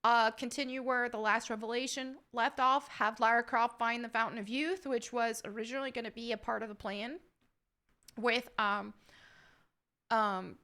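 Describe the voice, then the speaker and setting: A woman's voice: fairly high pitch, steady tone, moderate pace, pushed and bright. A woman with a slight Southern American accent, from upstate New York, chatting casually as she reads out and answers her viewers' questions with frequent laughs. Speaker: YouTuber answering member questions. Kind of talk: casual chat.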